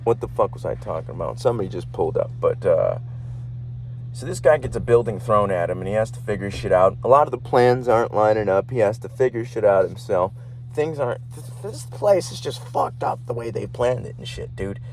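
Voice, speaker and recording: A man's voice: fairly low pitch, animated, a little fast, darkish tone. Young male podcast host, heated, rambling and profane, a faint hum behind him. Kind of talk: casual ranting monologue.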